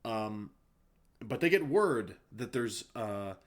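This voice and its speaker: A man's voice: fairly low pitch, expressive, takes it slowly. A man co-hosting a casual podcast chat, retelling a story in a loose, rambling way full of "uh" and "like". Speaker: podcast co-host. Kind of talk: casual book discussion.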